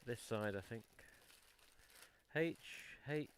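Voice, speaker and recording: Speaking slowly but animatedly at a medium pitch, an Englishman hosts a collectors' live stream on a headset mic, with slight background noise. He rummages through boxes as he chats, letting out the odd mild swear.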